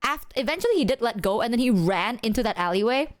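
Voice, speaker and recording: Animated, chatty young woman streamer. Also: fairly high pitch, quick pace, no echo, clean studio sound. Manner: animated, chatty, heavy filler "like", swears. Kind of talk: casual storytelling to chat.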